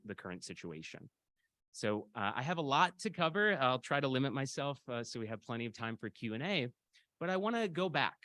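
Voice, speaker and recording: A man's voice: mid-range voice, fairly bright tone, dry recording. Hesitant, conversational male lecturer. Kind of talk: public lecture.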